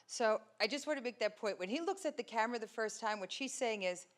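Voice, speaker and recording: A woman's voice: a little high, animated, quick pace. A woman presenting to an audience in a room, explaining video clips in a conversational way and often checking in with "right?".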